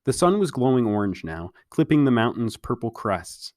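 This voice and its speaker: A man reading a novel aloud as a storybook reader, in a calm, even narration. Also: mid-range voice, normal speed, no echo, studio quality.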